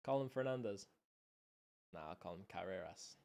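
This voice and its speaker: A young man from Canada streaming a football watchalong, chatting casually in slang with loud reactions and quiet muttered asides. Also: deep voice, expressive, moderate pace, vocal fry. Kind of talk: live match watchalong commentary.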